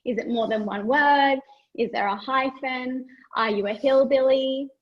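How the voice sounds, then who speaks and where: A woman's voice: high voice, a little slow. An Australian woman doing a stand-up set, self-mocking and playful, laughing between her jokes. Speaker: stand-up comedian. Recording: dull lo-fi stage recording.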